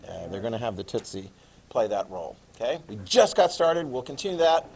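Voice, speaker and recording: A man teaching a classroom lecture, chatty and animated, often checking in with his students. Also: mid-range voice, brisk, vocal fry, rough recording.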